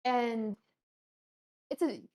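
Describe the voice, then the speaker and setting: Brief: a woman with a raised pitch as a game master, slow and halting, giggly, lots of fillers. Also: warm tone. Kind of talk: casual tabletop narration.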